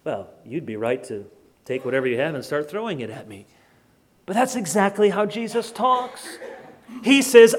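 A man preaching a sermon, firing rhetorical questions and swinging between loud emphasis and hushed asides. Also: on the high side, expressive, normal speed. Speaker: pastor.

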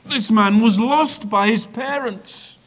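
A man preaching a sermon in a measured, repetitive build-up, swinging dramatically between hushed and loud delivery. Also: high-pitched.

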